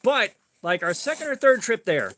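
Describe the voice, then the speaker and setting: Guy with a high voice on a stream, rambling, swears a lot, tells stories casual. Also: moderate pace, slight background noise. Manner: rambling, profane, animated in quoted dialogue. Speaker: livestream host. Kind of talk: casual storytelling on a livestream.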